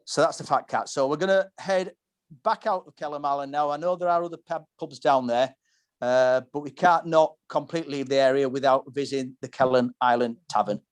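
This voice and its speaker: Brisk and smooth, a man with a mid-range, fairly even voice hosts a relaxed pub-chat podcast. His storytelling rambles and lingers on detail, and he keeps starting his sentences over.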